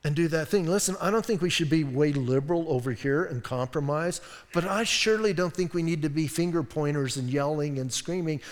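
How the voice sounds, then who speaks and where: A man's voice: fairly high pitch, a little fast, hardly any pauses. A man preaching a sermon as a pastor, conversational and enthusiastic, addressing a congregation in a church. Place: church sanctuary. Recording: long reverb in a church hall.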